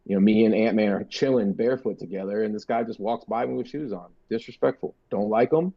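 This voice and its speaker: A man's voice: lowish voice, fast, creaky, highs cut off. A man co-hosting a sports podcast, talking casually with a profane, joking, rambling manner. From United States. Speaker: podcast co-host.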